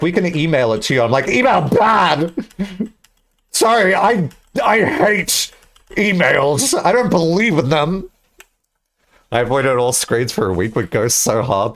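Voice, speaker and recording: A young man chatting casually on a live stream, rambling and joking with bursts of excitement. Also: mid-range voice, a little fast.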